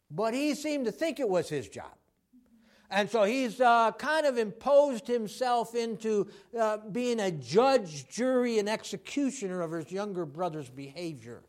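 A man preaches a sermon in a high, light voice. He talks with lots of fillers and acts out the voices of the people he quotes, swinging between loud and soft.

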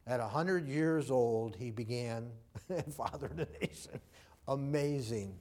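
A man's voice: mid-range voice, unhurried, a little mellow. A preacher telling a personal story in a sermon, talking conversationally and acting out the people he quotes. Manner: conversational, acts out quoted dialogue.

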